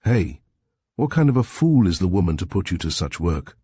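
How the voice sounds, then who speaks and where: A man doing a gruff, snappish old general. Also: low-pitched, sing-song, moderate pace, mellow, dry recording, clean studio sound, full character voice. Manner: snappish, barking.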